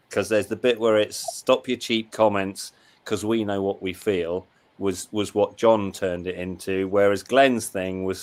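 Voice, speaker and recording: A man who reads out chat questions and answers them with long, detailed, rambling explanations. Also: lowish voice. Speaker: co-host reading the chat. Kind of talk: casual chat.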